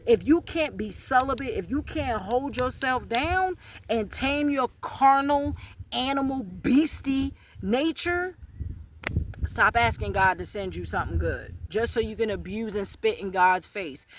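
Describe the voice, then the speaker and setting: A woman's voice: on the high side, animated, a little slow. A middle-aged woman vlogging outdoors while hiking, giving blunt, slangy spiritual advice and sounding out of breath. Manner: blunt, preachy, slangy, emphatic repetition. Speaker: spiritual channel host.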